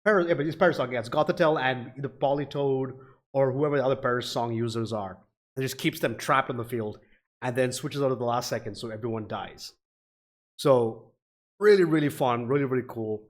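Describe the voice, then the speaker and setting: Man, casual reaction host, rambly, loose, average pitch. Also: brisk. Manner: rambling, swears casually, frequent fillers.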